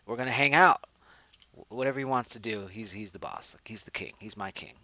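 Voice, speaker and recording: A man's voice: fairly low pitch, brisk, pushed and bright. A man voicing a clingy, devoted killer toy doll who talks in a chirpy, eager way.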